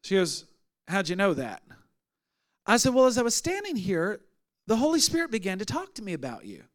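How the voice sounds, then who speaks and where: High-voiced preaching man. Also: fast talker. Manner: animated preaching, swings from loud bursts to hushed intimate retelling. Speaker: pastor. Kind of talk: sermon with storytelling.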